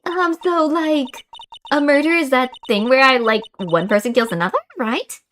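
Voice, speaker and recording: A woman's voice: high voice, moderate pace, a bit bright, slight background noise, voice pushed up. A woman voicing a ditzy valley-girl college student who talks airily and spacily. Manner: airy, spacey, 'like'-heavy.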